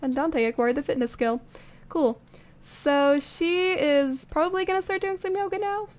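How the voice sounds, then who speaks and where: High-voiced chatty young woman gamer. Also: moderate pace, darkish tone. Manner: chatty, thinking aloud, frequent little laughs. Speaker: let's play host. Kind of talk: casual gameplay commentary. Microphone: studio condenser microphone.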